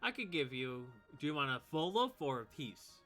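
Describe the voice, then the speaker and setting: A man voicing a calm old male innkeeper in a tabletop game, polite but firm with people who skip paying. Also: fairly high pitch, normal speed, soft background music, voice pushed up. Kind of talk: playing a character in a tabletop game.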